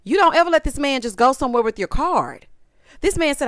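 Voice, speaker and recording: A woman's voice: high-pitched, sing-song, a little fast, fairly bright tone, no echo, studio quality. Sassy woman recapping reality TV. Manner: sassy, exasperated, quotes people in voices. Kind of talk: casual commentary recap.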